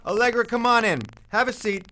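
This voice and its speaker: A man's voice: very high-pitched, steady tone, brisk, pushed and bright, a little hiss or hum, poor audio. A man hosting a talk radio show, teasing guests and steering the segment in a joking manner.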